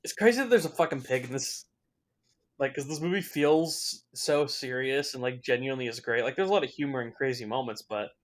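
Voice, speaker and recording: A man's voice: mid-range voice, brisk. A young man talking through a film as a casual watch-along commentary, swearing freely and reacting with open emotion. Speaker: movie reviewer.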